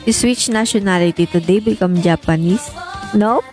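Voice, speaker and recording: A woman's voice: medium pitch, moderate pace, darkish tone, soft background music. A young woman chatting playfully on a phone livestream, reading viewer comments aloud and often laughing. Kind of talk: casual livestream chat.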